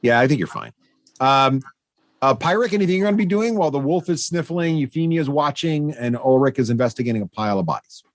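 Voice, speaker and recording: A man running a tabletop game as game master, playful and animated. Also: mid-range voice, fast, no room sound.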